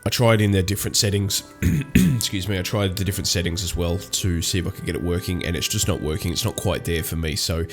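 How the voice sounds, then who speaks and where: A man's voice: sits low, fast talker, soft background music. An Australian man giving casual gameplay commentary, rambling with many ums and restarts. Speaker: gaming YouTuber.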